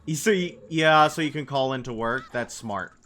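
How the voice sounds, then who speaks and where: With slight background noise, a young man in a mid-range, sharp-toned voice talks at a moderate pace during a casual game stream. He rambles and answers his chat's messages out loud.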